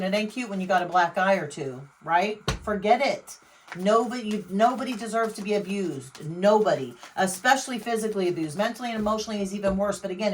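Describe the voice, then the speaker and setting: A woman doing a casual tarot reading, speaking bluntly and emphatically to the viewer. She swears freely, exclaims often and swings her loudness up and down. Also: medium pitch, a little hiss or hum, poor audio. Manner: blunt, emphatic, profane, talks straight to the viewer. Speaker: tarot reader.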